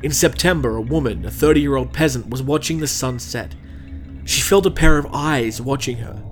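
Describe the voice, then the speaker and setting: Young male podcast host, self-deprecating comic banter, then storytelling narration; middle-pitched, faint guitar music behind. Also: normal speed. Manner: self-deprecating, jokey asides. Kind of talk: comedic podcast chat and true-crime narration.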